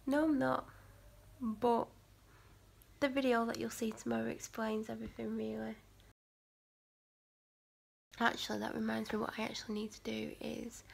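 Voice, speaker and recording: A woman vlogger chats to the camera in a loose, rambling way, full of fillers and restarts. Her voice sits a little high, with heavy vocal fry and a husky, breathy edge. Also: darkish tone. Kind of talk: casual talk to camera.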